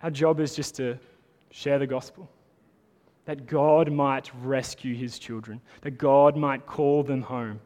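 A man preaching a sermon in a casual, animated way, talking to the congregation like friends. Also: mid-range voice, takes it slowly. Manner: conversational, animated preaching with lots of "like". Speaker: pastor. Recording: long hall reverb.

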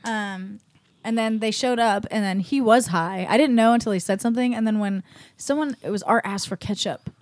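A woman telling a lively story in a casual chat with friends, laughing mid-sentence and cussing casually. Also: medium pitch, moderate pace, dry recording.

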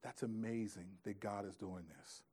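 A man preaching a sermon in a conversational way, swinging from loud, pressing emphasis to hushed, quiet asides. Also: fairly low pitch, steady tone, moderate pace. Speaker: pastor.

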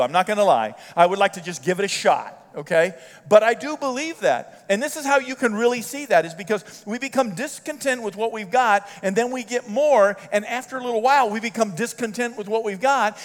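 Older man, pastor delivering a sermon, emotional and folksy, voice a touch high, church hall reverb. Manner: emotional, folksy storytelling that swells loud and high. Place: church sanctuary.

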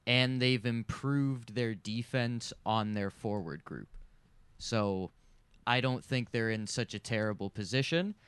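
A man co-hosting a sports talk show, giving measured, analytical takes on hockey. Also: medium pitch, clean tone, dry recording.

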